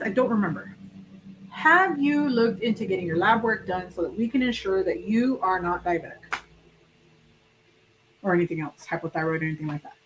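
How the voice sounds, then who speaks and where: A woman's voice: medium pitch, animated, a little fast, long pauses, noisy background. A woman hosting a casual livestream, chatting and rambling directly to her viewers while sick and hiccuping. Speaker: livestream host.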